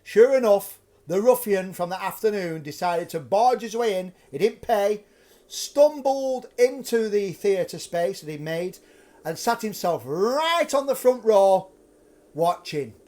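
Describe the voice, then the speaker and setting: A man hosting a live stream from his flat, telling a ghost story in a chatty, animated way. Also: high voice, a little slow. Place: flat at home.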